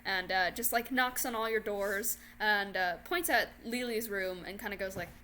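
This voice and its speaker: A woman's voice: medium pitch, moderate pace, bright, forceful tone, a little hiss or hum. A woman narrating a tabletop game as game master, loose and giggly, voicing the other characters. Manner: giggly, loose, frequent laughter.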